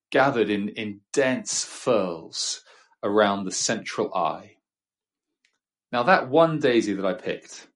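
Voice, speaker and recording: A man preaching a sermon from his desk at home, reflective and measured, with homely asides. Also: lowish voice.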